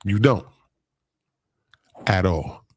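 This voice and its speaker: A man's voice: low-pitched, lively intonation, drawn-out words, darkish tone, husky, no echo. Profane, laid-back man hosting a livestream. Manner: profane, laughs a lot, reads comments aloud. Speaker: livestream host. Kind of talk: casual live-stream chat.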